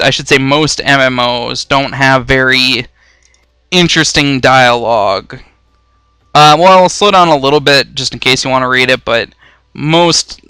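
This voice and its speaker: A man's voice: medium pitch, pushed and bright, smooth, no echo. A young man giving casual, rambling let's-play commentary, swearing freely and poking fun at himself. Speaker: gaming YouTuber.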